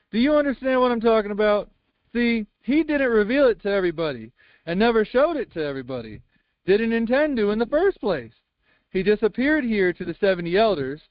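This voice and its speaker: High-voiced man reading a sermon transcript. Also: no echo, dull audio. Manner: emphatic, with frequent rhetorical questions; folksy double negatives. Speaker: Bible class reader.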